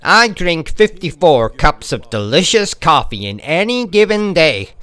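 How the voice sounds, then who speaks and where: A man playing a grizzled, coffee-addicted male detective in a spoof sponsor ad, deadpan and faltering. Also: a little high, unhurried, smooth.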